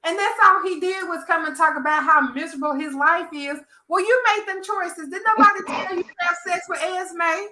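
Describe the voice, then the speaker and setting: A woman with a Southern American accent, hosting a casual soap opera chat and acting out characters' lines in a profane, animated way. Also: very high voice, moderate pace, hardly any pauses, roomy sound, poor audio. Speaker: podcast host.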